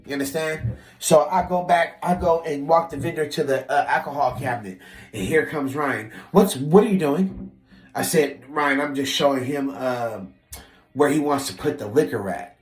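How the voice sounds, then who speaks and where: A man telling a story from his old job in a casual, animated and profane way, acting out what people said. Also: a little high, normal speed, echoey room. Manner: animated, profane, acts out quotes with shifting voice. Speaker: vlogger telling a work story.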